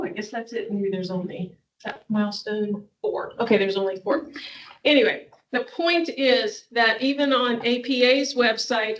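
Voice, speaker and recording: A woman's voice: a little high, fairly bright tone. A woman psychology professor talking to students in a classroom, chatty and conversational with small asides. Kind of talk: classroom presentation. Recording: dull lo-fi room recording.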